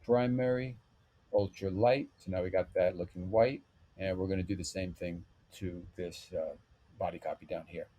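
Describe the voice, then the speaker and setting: A man hosting a screen-recorded web design tutorial, calmly talking through each step with frequent fillers. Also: sits low, moderate pace. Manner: relaxed step-by-step talk with fillers. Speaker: web developer tutorial host.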